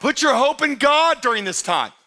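A man preaching a sermon as pastor, talking straight to his church in a conversational way and often rising to emphatic, shouted excitement. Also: very high voice, normal speed, a faint crowd, a little hiss or hum. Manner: conversational, addresses the congregation directly.

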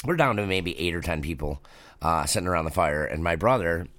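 A man casually telling a funny story in a relaxed chat, laughing often and acting out the people he quotes. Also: sits low, fairly quick, dry recording. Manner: laughing, animated, acts out quoted voices.

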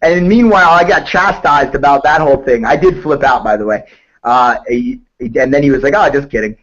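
Man, grappling coach, rambling storyteller who laughs easily, average pitch, muffled sound. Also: brisk, a bit bright. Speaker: jiu-jitsu instructor. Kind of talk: casual podcast chat.

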